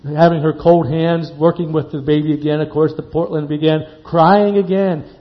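A man preaching a sermon, slowing down and dropping to a quiet hush on key words, then lifting his voice again. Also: fairly high pitch, steady tone. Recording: dull lo-fi sound.

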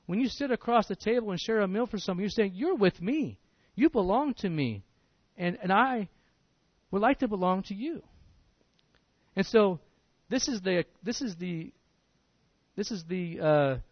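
A man with a high-pitched voice delivers a sermon, earnest and emphatic, circling back over his words as he restarts. The sound is dry and a little dull, with no room echo. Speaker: preacher.

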